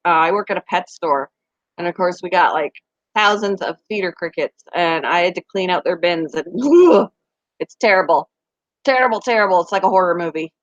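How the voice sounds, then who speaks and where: A woman hosting a casual chat with her viewers, talking fast and laughing often. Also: lowish voice, expressive, no room sound. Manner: chatty, laughs often, baby talk to pets. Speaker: pet channel host. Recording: dry, slightly muffled home recording.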